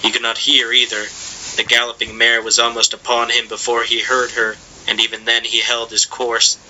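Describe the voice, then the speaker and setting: A man reading literary fiction aloud with measured, dramatic storytelling. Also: medium pitch, completely flat delivery, pushed and bright, slight background noise, rough recording. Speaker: audiobook reader.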